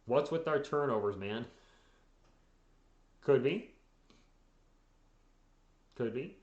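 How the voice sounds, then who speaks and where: A man's voice: mid-range voice, animated, slow, darkish tone, reverberant, lo-fi sound. A man hosting a casual live sports stream, chatting about the games and answering viewers in the chat, sounding tired. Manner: chatty, reacts to games and reads chat aloud. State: tired, yawning.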